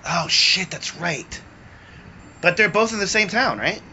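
A man's voice: high-pitched, animated, a little slow, bright, forceful tone. A man hosting a podcast, chatting and joking crudely with his friend on a back patio. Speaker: podcast host. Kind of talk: casual banter. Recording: dull lo-fi recording with faint noise.

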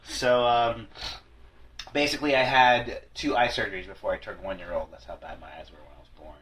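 A man's voice: on the low side, steady tone, fairly quick, a bit bright, poor audio. Rambling, profane man hosting a chat. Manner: rambling, profane, self-deprecating. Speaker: podcast host. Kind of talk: casual chat.

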